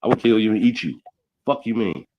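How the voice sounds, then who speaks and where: Deep-voiced man ranting loudly. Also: lively intonation, fairly quick, highs cut off. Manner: loud, ranting, repeats himself, swears a lot. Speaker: livestream roast host. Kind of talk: heated profane livestream rant.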